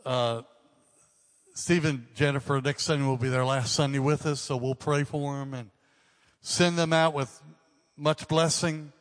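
A man's voice: mid-range voice, steady tone, a little slow. A man in his sixties, a pastor, addressing his congregation in a casual way with joking asides. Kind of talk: sermon talk to a congregation. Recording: reverberant church hall.

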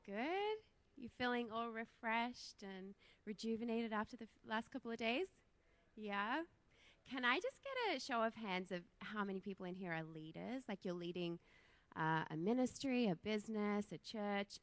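A woman's voice: mid-range voice, expressive, normal speed. A young woman speaking as a guest at a church, bubbly and chatty. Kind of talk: sermon.

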